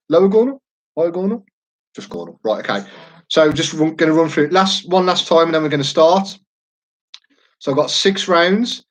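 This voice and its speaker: A thirtysomething man hosts an online quiz in a casual live-stream chat, his slightly high voice coming through a low-quality recording. He's easygoing and jokey, wandering off into rambling asides.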